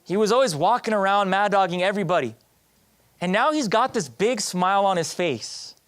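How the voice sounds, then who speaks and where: A man's voice: high-pitched, expressive, brisk, a bit bright, smooth. A man giving a personal testimony in church, talking conversationally with the audience and often restarting his sentences. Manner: conversational, addresses the audience directly; hesitant restarts with fillers.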